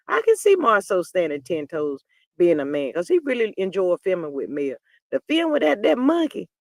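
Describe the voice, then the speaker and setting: Reading viewer comments on her live stream, a reality TV commentary host responds in a sassy, animated manner, her volume moving from low mutters to loud outbursts. Her voice is gravelly and her pace moderate, with clean studio sound and no echo.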